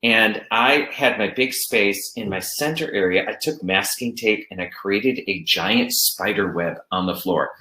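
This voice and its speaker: A man's voice: on the low side, pushed and bright. Chatty male music teacher, roomy echo. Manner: chatty, demonstrates songs by singing them slowly. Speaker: elementary music teacher presenter. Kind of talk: teaching demonstration with singing.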